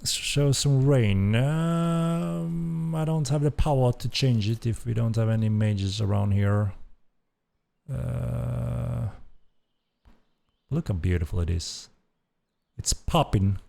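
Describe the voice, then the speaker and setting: Gravelly-voiced man showing off a game. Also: mid-range voice, takes it slowly, long pauses, dark tone. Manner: enthusiastic, repeats his praise. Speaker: game developer hosting a dev stream. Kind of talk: live gameplay commentary. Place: at a computer playing the game.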